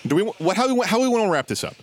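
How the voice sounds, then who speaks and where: Lively, animated man riffing comedy. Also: sits high, rapid-fire. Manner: playful, jokey, riffing. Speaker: comedy podcast co-host. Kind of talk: improvised comedy banter.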